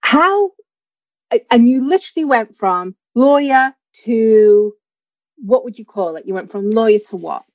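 A woman's voice: fairly high pitch, animated, unhurried, no echo. Gushing woman host, dull lo-fi sound, dry, lots of wows. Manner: effusive, gasping and exclaiming reactions. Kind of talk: interview hosting.

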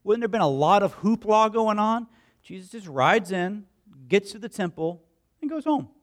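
A man's voice: high-pitched, normal speed. A man preaching a sermon as pastor, telling stories in a conversational way and acting out the quotes of the people in them. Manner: animated storytelling, acts out voices and crowd quotes; conversational, asks the congregation questions.

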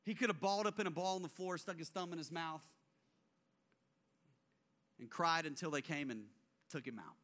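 Animated male pastor preaching. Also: a little high, moderate pace, long pauses. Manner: animated, acts out biblical figures, drops to quiet intensity. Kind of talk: sermon.

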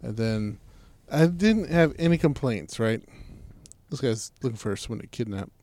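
A man's voice: medium pitch, animated, normal speed, darkish tone. A man co-hosting a casual podcast, talking crudely and joking around with his friend. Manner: profane, joking, mock voices. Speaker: podcast co-host.

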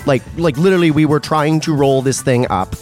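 A man's voice: fairly high pitch, fairly quick, darkish tone, faint music behind. Easygoing male co-host. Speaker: radio show co-host. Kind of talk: casual chat.

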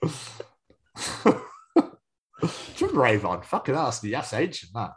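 A man's voice: mid-range voice, big pitch swings, moderate pace. A man guest on a casual podcast who swears freely and laughs often. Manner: swears freely, laughs a lot, self-deprecating.

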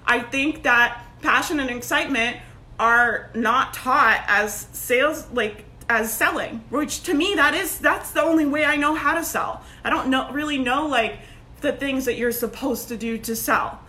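A woman in her thirties giving a loud, emphatic motivational talk to camera, laughing often and peppering her speech with "like" and "right?". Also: high voice, measured pace. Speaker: online business coach. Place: at home. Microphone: phone.

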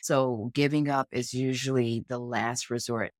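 A woman's voice: extremely low pitch, fairly even intonation, measured pace, no room sound, studio quality. A woman co-hosting a podcast in an earnest, encouraging coaching tone. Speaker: podcast co-host. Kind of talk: motivational casual chat.

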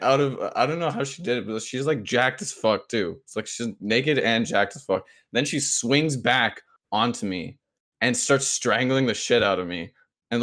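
A man's voice: mid-range voice, fairly bright tone. A young man co-hosting a podcast, telling a dream story in casual chat, laughing often and using many fillers. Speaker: podcast co-host.

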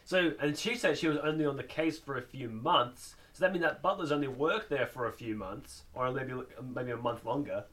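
A man's voice: mid-range voice, normal speed, hardly any pauses, a bit bright. A man co-hosting a casual podcast chat, chuckling and rambling as he reasons things out. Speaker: podcast co-host.

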